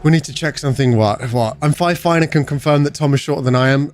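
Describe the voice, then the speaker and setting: A young British man with a slightly high voice, upbeat and chatty as he hosts a livestream from his bedroom. He greets viewers one by one in a relaxed, joking tone, with soft music playing faintly behind him. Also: fast talker, hardly any pauses, no room sound. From United Kingdom. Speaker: streamer. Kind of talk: casual livestream chat. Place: bedroom streaming setup.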